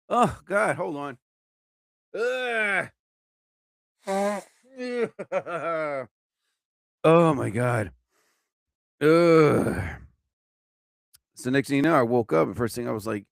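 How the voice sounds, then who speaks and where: A man's voice: medium pitch, animated, takes it slowly, creaky, long pauses, no room sound, clean studio sound. A young man hosting a casual live-stream show, rambling and joking, swearing often as he fumbles with his sound effects. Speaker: host.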